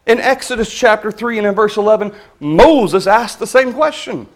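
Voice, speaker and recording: A man preaching a sermon in an earnest, measured way, reading scripture passages with emphasis. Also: high-pitched.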